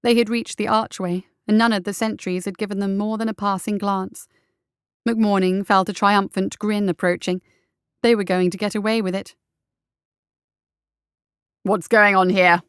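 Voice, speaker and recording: Female story reader, smooth and steady, dry close-miked narration. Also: mid-range voice, normal speed, no echo. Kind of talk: audiobook narration of fiction.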